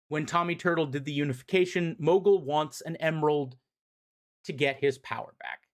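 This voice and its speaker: A streamer retelling comic book issues in a casual, excitable way, swearing freely and often correcting words partway through. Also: medium pitch, normal speed. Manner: profane, excitable, paraphrases characters' lines; repeats and corrects words mid-sentence.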